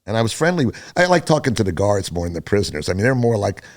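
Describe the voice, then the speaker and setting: A man's voice: fairly low pitch, racing. An older man telling his story as a podcast guest, loose and chatty, with lots of fillers, restarts and acted-out voices of other people. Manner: animated, acts out other people's lines in a raised voice. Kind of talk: rambling storytelling in an interview.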